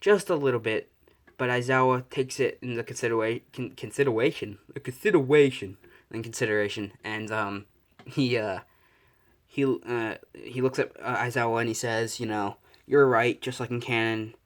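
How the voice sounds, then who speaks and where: A young man improvising a fan story out loud, rambling and correcting himself, swearing casually. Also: mid-range voice, fairly even intonation, normal speed.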